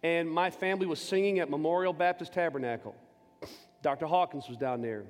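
A man in his forties, a pastor, giving an impassioned personal testimony from the pulpit, swinging between loud and hushed. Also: a little high. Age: 40s. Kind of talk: sermon. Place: church sanctuary. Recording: long church reverb with faint music.

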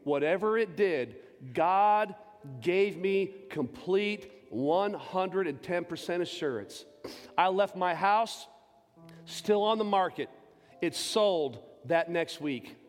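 A man's voice: high voice, animated, takes it slowly. Fervent preacher man in an echoing church. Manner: emotional storytelling preaching, swelling to loud fervent peaks. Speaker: pastor. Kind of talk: sermon. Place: large church sanctuary. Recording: long church reverb with faint music.

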